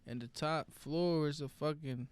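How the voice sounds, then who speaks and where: A man's voice: on the high side, unhurried, no room sound. Blunt, joking young man in his twenties. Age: 20s. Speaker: podcast co-host. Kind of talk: casual chat.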